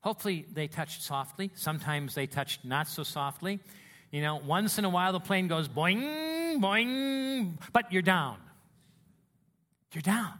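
A man preaching a sermon as a pastor, telling stories with animated swings between hushed and loud delivery. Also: on the high side, moderate pace.

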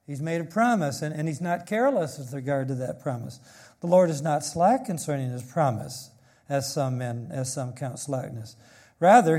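Guy preaching, mellow voice kinda high, leans hard on the verses. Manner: emphatic, reads scripture aloud and explains it. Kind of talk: expository sermon.

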